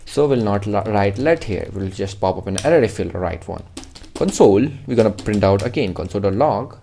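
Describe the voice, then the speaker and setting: A man's voice: on the low side, expressive, fairly quick, creaky, mellow, slight background noise. A man teaching a casual coding tutorial, rambling and swearing freely as he jokes with himself. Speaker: programming tutor.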